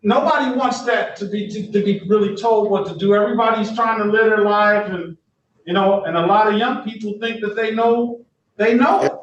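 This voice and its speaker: High-voiced judge in an echoey courtroom. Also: male voice, normal speed, dull audio, a little hiss or hum. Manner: stammering restarts, stern but fatherly. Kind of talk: court hearing, reading case numbers and lecturing. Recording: echoey courtroom audio from far off.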